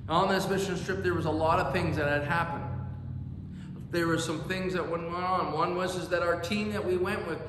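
A man's voice: sits high, steady tone, moderate pace, noisy background. A man preaching a sermon as pastor, telling a story earnestly and with emphasis in a church. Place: church sanctuary. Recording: echoey church hall reverb.

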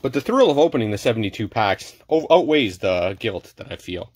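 A man's voice: lowish voice, big pitch swings, a little fast, a little hiss or hum. A man hosting a casual card-opening video at home, talking in theatrical, emphatic bursts. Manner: loud, theatrical outbursts in spurts. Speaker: card-opening channel host. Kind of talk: casual pack-opening banter. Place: home apartment.

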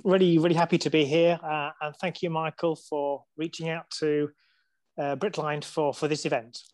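Eager, hesitant man on a video call, higher voice, dry sound. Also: level tone, normal speed, a little mellow, no room sound. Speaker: sponsor representative. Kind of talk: webinar remarks.

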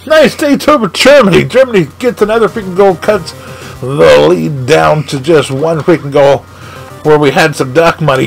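A man commentating his own video game play live, excitable and shouting at the action. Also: high voice, normal speed, gravelly, soft background music. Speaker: gaming channel host.

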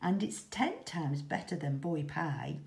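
A woman's voice: low voice, very animated, a little slow, creaky, darkish tone, exaggerated voice. A woman voicing a cheeky, clever young boy in a read-aloud storybook, in a sing-song teasing manner. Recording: echoey room.

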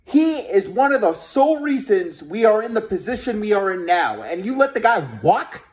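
A man's voice: high voice, big pitch swings, normal speed. A man ranting angrily and profanely as a sports fan vlogger, talking heatedly to his viewers with frequent restarts. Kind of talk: angry fan rant to camera.

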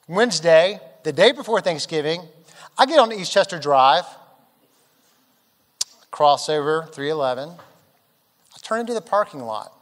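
A man pastor telling a humorous personal story in a sermon, animated and acting out quotes. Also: on the high side, long reverb tail. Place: large church auditorium.

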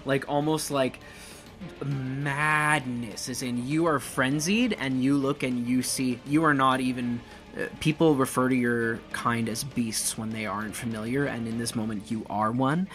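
A man's voice: mid-range voice, a little slow, a bit bright, faint music behind. A man running a tabletop game as game master, narrating vividly with dramatic whispered asides.

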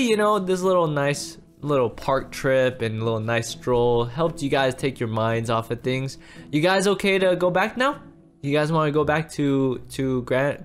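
A man's voice: fairly high pitch, clear, resonant tone. A man hosting an improvised game roleplay, playing a fussy father who repeats himself and fusses over his kids. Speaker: roleplay host and lead character.

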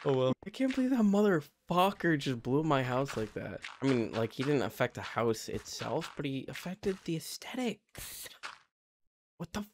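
A man's voice: mid-range voice, sing-song, moderate pace, a little hiss or hum. A young man giving casual, profane gameplay commentary while building, rambling along and breaking into sudden squealing outbursts. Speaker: gaming video creator.

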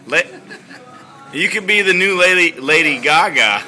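Playful man, high bright voice, lively teasing banter. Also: a little slow. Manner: teasing, eggs on the puppet, laughs a lot.

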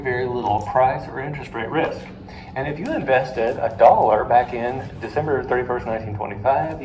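A man lecturing on finance in front of a live class mixes stories, questions for students and joking asides. His voice is medium in pitch with a darkish tone, and the recording has the roominess and faint noise of a classroom.

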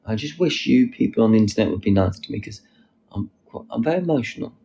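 A man's voice: mid-range voice, lively intonation, quick pace, vocal fry, warm tone, lo-fi sound, a little hiss or hum. A man chatting casually on a live stream, reading out viewers' comments and answering them. He sits outdoors on a wall and talks into a phone.

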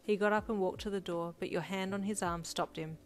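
A woman reading a second-person fan fiction story in an even, steady way. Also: medium pitch, brisk. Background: faint music.

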